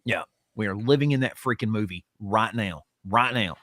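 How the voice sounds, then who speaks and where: Man, casual podcast chat, animated storyteller, ranty, dry close sound. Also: on the low side, moderate pace, no echo. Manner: animated storytelling, ranting, repeats himself. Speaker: podcast co-host.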